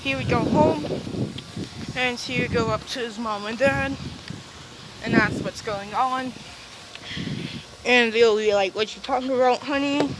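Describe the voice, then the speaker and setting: A woman's voice: fairly high pitch, slow, pauses often, very noisy. A woman improvising a fan-fiction story aloud, rambling and tacking "and all that" onto her sentences. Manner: rambling, keeps adding "and all that".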